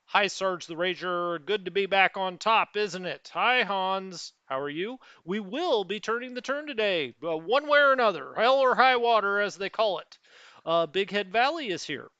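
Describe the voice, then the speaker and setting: A middle-aged man with a high, bright, smooth voice talks his way through a strategy game, chatty and rambling with plenty of fillers. He greets his viewers by name. The sound is dry and a little lo-fi. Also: expressive, moderate pace, no room sound. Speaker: let's play host. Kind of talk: casual live gameplay commentary. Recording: dry, slightly dull lo-fi sound.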